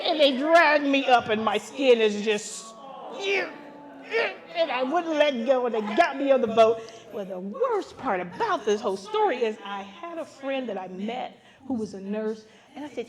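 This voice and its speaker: A woman pastor telling comic stories to a live gathering, animated and jumping into high voices for the people she quotes. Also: normal speed, noisy background. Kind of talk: comic storytelling to a live audience. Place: women's gathering with a laughing audience. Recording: live event with audience laughter.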